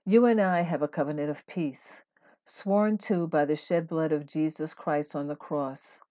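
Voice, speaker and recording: A woman hosting a devotional podcast, teaching in an earnest, steady way and reading scripture aloud. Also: deep voice, unhurried. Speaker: podcast host.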